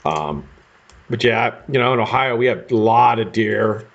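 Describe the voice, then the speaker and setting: A man's voice: lowish voice, animated, unhurried, vocal fry. An American man hosting a live stream, chatting casually and rambling with casual swearing while he builds coils. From United States. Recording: dull lo-fi stream audio.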